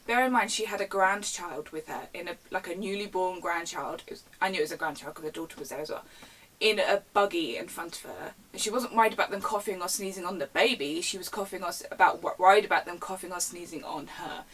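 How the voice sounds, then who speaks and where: A woman's voice: lowish voice, fast talker. A young woman, telling retail storytimes in a casual and indignant rant on her vlog. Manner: animated, indignant ranting. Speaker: vlogger. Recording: slightly distant mic with faint background hiss.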